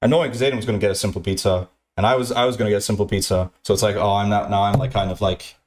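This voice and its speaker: A man's voice: fairly low pitch, steady tone, very fast, a little mellow. A man telling a long, rambling anecdote, repeating himself and swearing, often acting out what others said. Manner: repetitive, profane, restarts often, mimics others.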